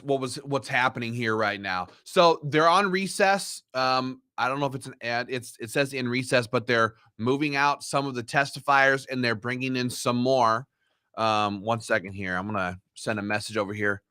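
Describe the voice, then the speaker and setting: A man's voice: medium pitch, moderate pace, sharp tone, no room sound, studio quality. A man giving live reaction commentary, heated and indignant as he rants. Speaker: livestream commentator.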